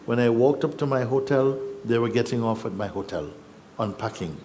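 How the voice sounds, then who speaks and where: A middle-aged man, a spiritual teacher, relaxed and chuckling as he tells his story to a gathering and acts out the voices in it. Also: mid-range voice, a little fast, a little hiss or hum. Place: yoga festival gathering.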